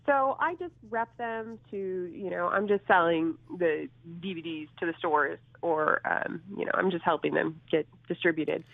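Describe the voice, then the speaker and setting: A woman's voice: lowish voice, normal speed, creaky, hardly any pauses, no room sound. Giggly woman comic on a tinny phone line. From Minnesota, USA. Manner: giggly, chatty, self-teasing. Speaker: stand-up comedian guest. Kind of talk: casual interview chat.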